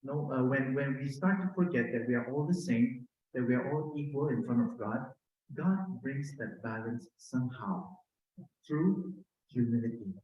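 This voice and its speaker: A middle-aged man with a Filipino accent gives a conversational sermon in a gentle, personal way, often asking "no?". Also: medium pitch, normal speed, highs cut off, slight background noise. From Philippines. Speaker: preacher. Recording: very echoey room.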